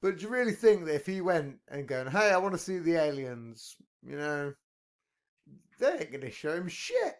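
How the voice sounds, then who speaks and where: Guy on a podcast, kinda high voice that jumps all over, swears a lot, rambly and jokey. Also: sing-song, moderate pace. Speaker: podcast talker. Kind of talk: casual podcast chat.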